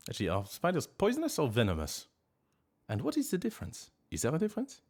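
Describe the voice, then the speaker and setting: Playful man with lively pitch. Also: fast talker. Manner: playful, mock-grand pronouncements. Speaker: voice actor streaming live. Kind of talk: casual livestream chat, reading chat messages.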